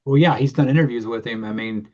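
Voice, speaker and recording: A man's voice: medium pitch, fast talker, lo-fi sound. A man co-hosting a casual podcast, talking in a rambling way and restarting his thoughts. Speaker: podcast co-host. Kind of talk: casual chat.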